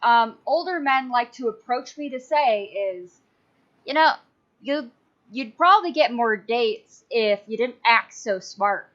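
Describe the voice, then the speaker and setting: A woman's voice: on the high side, lively intonation, a little slow, a bit bright, highs cut off. A woman hosting a casual podcast chat, talking candidly and swearing casually. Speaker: podcast host.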